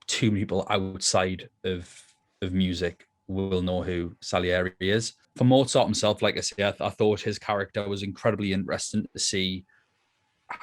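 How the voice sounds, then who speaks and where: A man co-hosting a film review podcast, chatting casually and thinking aloud with plenty of restarts. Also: low voice. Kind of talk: casual chat.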